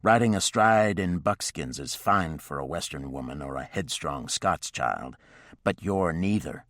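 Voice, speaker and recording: A man's voice: rumbling low, expressive, measured pace, a bit bright, no echo, studio quality, full character voice. A man voicing a curt, stern frontiersman. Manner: curt, clipped commands. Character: gruff, guarded frontiersman husband, curt and stern.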